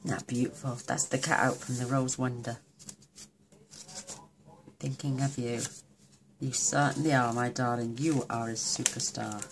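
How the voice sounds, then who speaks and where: A woman hosting a crafting video, opening cards in a casual chat and gushing over them with warm affection. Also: rumbling low, steady tone, unhurried, pauses often, noisy background.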